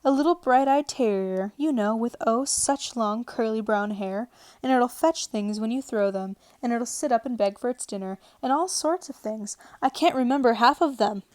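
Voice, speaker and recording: A woman voicing a polite, anxious young girl, lifting her voice higher and louder. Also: normal speed, no echo, natural voice. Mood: eager pleading. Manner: raised, excited girlish delivery.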